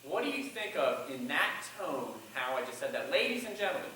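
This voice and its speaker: A man's voice: mid-range voice, sing-song, normal speed, bright, forceful tone, slight background noise. A man giving a college class on public speaking, who acts out lines from his own speech as he breaks it down. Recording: echoey classroom from far off.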